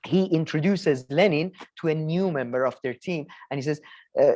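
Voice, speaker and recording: A man co-hosting a casual film review chat, rambling with many restarts and animated asides. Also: fairly high pitch, normal speed, no room sound. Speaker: co-host.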